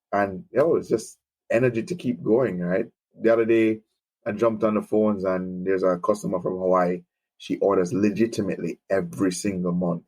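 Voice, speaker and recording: A man's voice: low-pitched, steady tone, moderate pace, darkish tone, rough recording. A man with a Jamaican accent, a business founder who is a podcast guest, telling enthusiastic stories about his customers. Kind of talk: casual conversational interview.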